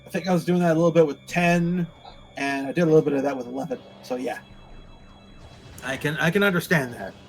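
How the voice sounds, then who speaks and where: A man's voice: on the high side, quick pace, soft background music, rough recording. A man streaming a game, ranting sarcastically and crudely in casual chat. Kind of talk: casual chat while gaming.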